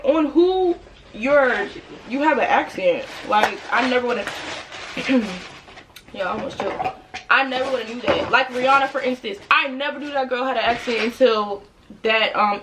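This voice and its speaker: A young woman vlogger talks casually in front of the camera while doing her makeup. She tells stories with energy and lots of playful voices. The recording has a clear background hiss. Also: a little high. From Washington DC area. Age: young adult. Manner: chatty, animated storytelling with playful voices. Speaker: beauty vlogger. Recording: noisy home recording.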